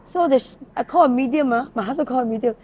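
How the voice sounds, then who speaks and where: Fast-talking Malaysian woman, rescue founder. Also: high voice, a little mellow. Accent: Malaysian English. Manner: earnest, storytelling, speaks her mind. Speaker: animal rescue founder, guest. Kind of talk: casual interview chat.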